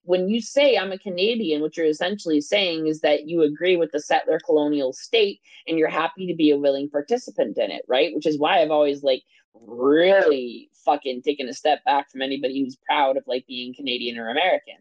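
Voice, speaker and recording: A low-pitched woman co-hosting a podcast, talking with fiery conviction and frequent swearing, tagging her points with "right?". Her voice sounds close and dry, with no room around it. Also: a little fast, darkish tone, no room sound, highs cut off. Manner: passionate, swears freely, says "right?" often. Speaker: podcast co-host. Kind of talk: casual discussion.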